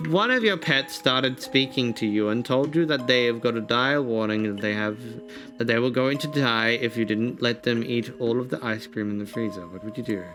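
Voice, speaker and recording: A male streamer chats his way through a personality quiz, rambling and laughing as he thinks out loud. His voice sits at an ordinary middle pitch. Soft music plays faintly underneath. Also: moderate pace. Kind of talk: casual live-stream chat, reading quiz questions aloud.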